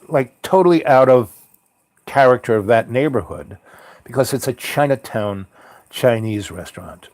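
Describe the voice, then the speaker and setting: A middle-aged storyteller host tells a long personal story in a rambling, conversational style, full of ums and you-knows. His voice is mid-range and a little mellow, with no echo.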